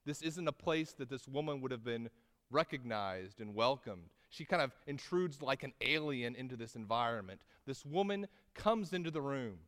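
A man preaching a sermon, telling the story with rising intensity at dramatic moments and slowing to stress key words, often asking his listeners "right?". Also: mid-range voice, expressive, a bit bright, in a large hall. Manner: conversational with tag questions and restarts. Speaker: pastor.

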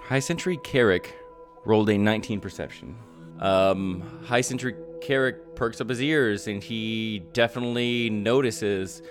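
A man's voice: lowish voice, unhurried, over music. A man narrating a tabletop game as game master, loose and often laughing.

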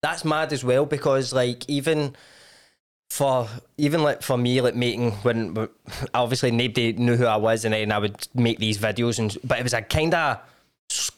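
A man's voice: medium pitch, moderate pace. A young man with a Scottish accent hosting a podcast, chatting casually and agreeing often. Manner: relaxed, agreeable, chips in with short interjections. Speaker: podcast host.

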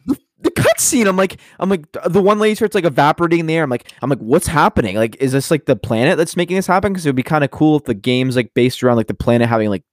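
A man rambles quickly through a casual conversation, packing his talk with fillers and the odd curse. The sound is dry and close, with no room around it. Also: fairly high pitch, no room sound. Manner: rambling, heavy use of "like", profane. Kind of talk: casual chat about a video game.

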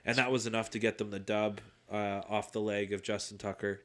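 A man's voice: on the low side, flat delivery, a little fast. A man co-hosting a casual sports podcast, joking, swearing and laughing. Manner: jokey, swears, laughs loudly. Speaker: podcast co-host.

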